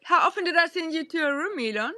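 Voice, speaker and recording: A woman's voice: extremely high pitch, lively intonation, fast talker, bright, forceful tone. An older woman reminiscing casually in an online group chat. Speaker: guest.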